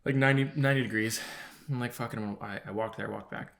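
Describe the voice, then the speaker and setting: A young man co-hosting a podcast, telling an animated story with acted-out quotes and frequent swearing. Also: on the low side, fast, vocal fry. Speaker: podcast co-host. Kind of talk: casual chat, storytelling.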